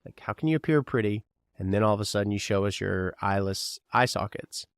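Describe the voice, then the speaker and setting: Kentucky guy rambling on his podcast, kinda low voice, jokey, keeps asking you stuff, dry mic. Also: a little fast, clear, resonant tone, no echo. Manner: rambling, joking, asks the listener questions. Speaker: podcast host. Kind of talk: casual solo podcast chat.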